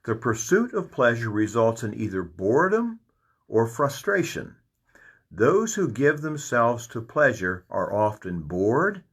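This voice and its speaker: Animated, husky-voiced man teaching the Bible. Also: medium pitch, a little slow. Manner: animated, reads verses aloud and comments with folksy asides. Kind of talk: Bible study teaching with scripture reading.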